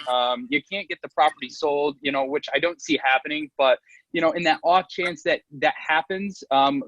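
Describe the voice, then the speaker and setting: A man works through a sales script over a video call, and he sounds confident and sure of himself. His pitch sits a bit high for a man, and the audio is dull and dry. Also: a bit bright, no echo. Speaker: real estate agent practicing a script.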